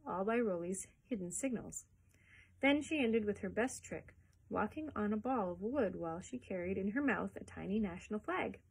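A woman librarian reading a chapter book aloud for story time, gently pausing to comment on the pictures. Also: medium pitch, breathy edge, low-quality recording. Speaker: children's librarian.

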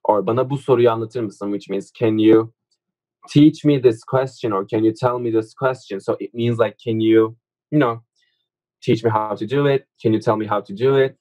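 A young man whose first language is Turkish, teaching verbs in a casual online lesson, full of fillers and quick to correct his own slips. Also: fairly low pitch, steady tone, warm tone, rough recording. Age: young adult.

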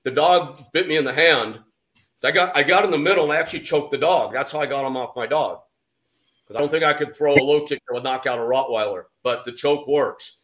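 A man's voice: medium pitch, a little fast, a bit bright. A man co-hosting a podcast, chatting casually and agreeably. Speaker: podcast co-host. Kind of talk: casual chat.

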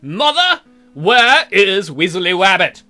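A man voicing a haughty, indignant baby who scolds his mother in slow, overly formal declarations. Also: high-pitched, bright, forceful tone, soft background music, exaggerated voice. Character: haughty indignant male baby, prim and accusing.

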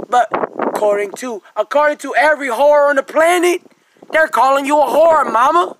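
A man delivering an aggressive, profane religious rant, cursing and mocking over and over, sometimes bursting into shouts. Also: very high-pitched, normal speed, heavy background noise.

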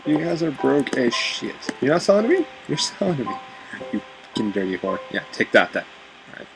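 Young male let's player, foul-mouthed and excitable, very animated delivery over game music. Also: medium pitch, fairly quick, vocal fry, rough recording. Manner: swearing, excitable, talks to game characters. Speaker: gamer. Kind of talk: let's play commentary.

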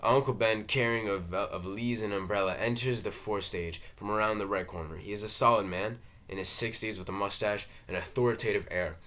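Low-voiced man reading a play. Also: fairly quick, few pauses. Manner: even reading of the stage directions. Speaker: reader.

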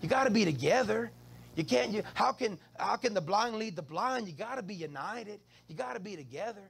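Preaching a sermon in church, a male pastor with a high, husky voice and vocal fry calls out to his congregation. His delivery is call-and-response, full of stammering repeats.

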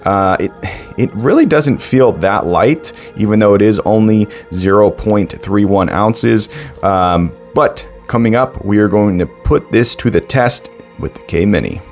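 A man with a lowish voice hosts a casual product review vlog from his home. He talks with upbeat, enthusiastic energy and tosses in playful asides. Soft music plays faintly behind him. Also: a little slow. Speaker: coffee reviewer and show host. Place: at home, indoors.

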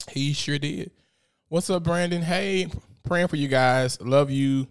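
A man's voice: fairly high pitch, slow pace, clear, resonant tone. Blunt, profane man. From Memphis, USA. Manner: blunt, profane, animated storytelling. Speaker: podcast host. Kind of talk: casual podcast monologue.

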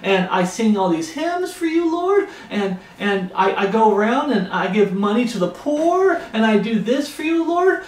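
A man's voice: high-pitched, sing-song, moderate pace, few pauses, distant mic, pitched above the performer's own voice. A man voicing a smug, self-righteous false convert in a mocking, whiny sing-song. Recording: echoey room.

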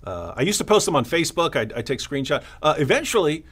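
With a slightly rough voice on the high side, this co-host talks quickly on a casual live stream. He spins energetic stories, voicing other people's lines and mimicking opponents.

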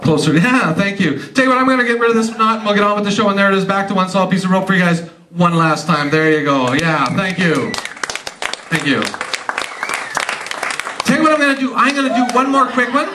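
A man performing stand-up comedy magic for a live audience, teasing them with quick joking asides. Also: high voice, lively intonation, distant mic, crowd noise, noisy background. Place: live show venue. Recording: roomy live stage sound from off-mic, loud audience. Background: audience laughing.

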